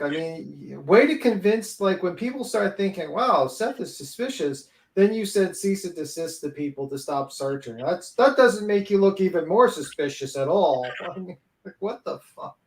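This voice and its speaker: A man's voice: high voice, animated, moderate pace. A man hosting a livestream panel, ranting sarcastically with a lot of profanity. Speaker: panel host. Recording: roomy echo.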